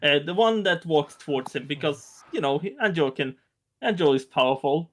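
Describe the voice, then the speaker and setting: Hesitant male player, slightly high voice. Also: lively intonation, fairly quick, a bit bright. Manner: hesitant, thinking aloud. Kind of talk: casual tabletop play.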